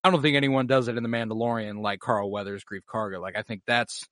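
A man's voice: fairly low pitch, steady tone, fast, fairly bright tone, dry recording, clean studio sound. A man hosting a podcast in an eager, casual chat, quizzing his co-host.

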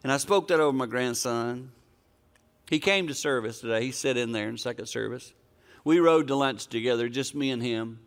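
A man's voice: mid-range voice, moderate pace, clear, resonant tone. An older man preaching a sermon, telling a personal story in an earnest, conversational, folksy way. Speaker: pastor.

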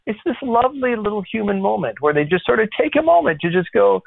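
A man's voice: sits high, lively intonation, fast talker, vocal fry, hardly any pauses, a little hiss or hum. A man hosting a podcast from home in casual chat, enthusiastic and rambling, full of restarts. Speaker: podcast host. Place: corner of his house. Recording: tinny phone-like line.

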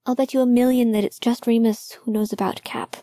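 A woman reading an audiobook, voicing a nervous young man who talks in halting, rushed confessions. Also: fairly high pitch, fairly even intonation, dark tone, no room sound, natural voice. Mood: anxious.

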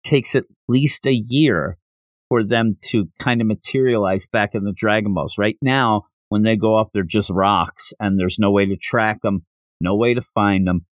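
A man's voice: on the low side, moderate pace, no echo. A man hosting a manga review podcast, chatting casually as he recaps the plot with wry jokes. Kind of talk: casual solo review chat.

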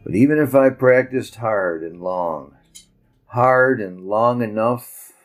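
A man narrating a story with a measured, reflective telling. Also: lowish voice, animated, faint music behind, rough recording.

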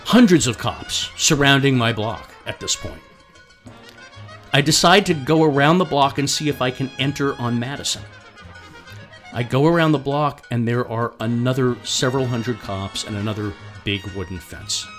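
A middle-aged man recounting a personal story in an ordinary, mid-pitched voice. He talks haltingly, restarting and repeating words as he goes, with faint music in the background. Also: a bit bright.

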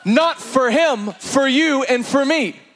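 Man preaching, high voice, lively, playful asides to the crowd. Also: slow pace, a little hiss or hum. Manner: animated, playful, laughing asides to the congregation. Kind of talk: energetic sermon.

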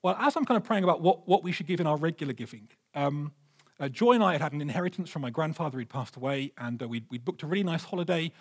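High-voiced preacher, animated. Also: male voice, fast, slightly rough. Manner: animated, humorous storytelling. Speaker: pastor. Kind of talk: sermon.

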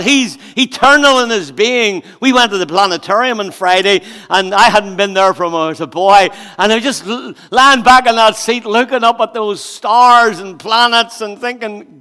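Male preacher, high bright voice; storyteller who drops to asides and then bursts out loud. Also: moderate pace, few pauses, clear, resonant tone, big-room sound. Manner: storytelling with acted-out voices, swings between quiet asides and loud emphatic bursts. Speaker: pastor. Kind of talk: sermon.

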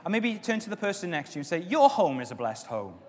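A man preaching a sermon as pastor, with stretches of loud, emphatic exhortation and softer prayer. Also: high voice, very animated, fast, slight background noise. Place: church auditorium. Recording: long reverb of a church hall.

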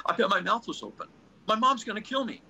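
A man voicing his nervous young wife, who talks in a high, flustered way. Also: big pitch swings, gravelly, sharp tone, slight background noise, heavily acted. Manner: high, flustered, quick questions. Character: nervous young wife fretting over a photo.

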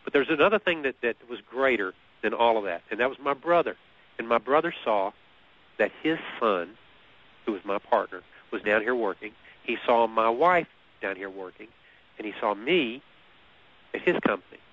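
A man telling a personal story in an easy conversational way. He is animated, often repeats words and laughs at his own story. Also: medium pitch, normal speed. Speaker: guest. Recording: muffled lo-fi radio recording.

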